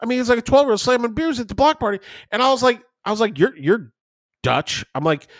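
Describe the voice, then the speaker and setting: A man in his thirties co-hosts a podcast, his voice very high and his delivery fast, recorded in a clean studio with no room sound. He tells stories in casual chat, swearing freely and animating them by acting out the voices in quotes.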